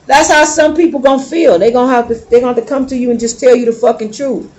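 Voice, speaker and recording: A woman's voice: high-pitched, steady tone, quick pace, a little mellow, a little hiss or hum. A woman tarot reader talking bluntly and emphatically in a casual, heavily profane monologue.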